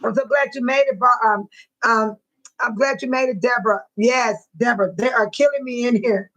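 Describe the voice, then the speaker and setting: A woman's voice: on the high side, steady tone, normal speed, a bit bright, poor audio. A woman hosting a casual livestream, reading viewers' chat messages aloud and often laughing as she talks straight to them in informal, slangy speech. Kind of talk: casual live-stream chat.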